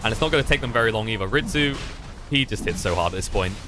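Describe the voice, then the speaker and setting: A man with a British accent doing excitable play-by-play commentary on an esports match. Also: quick pace, over music. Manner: excitable, climbs high during fights. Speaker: esports caster.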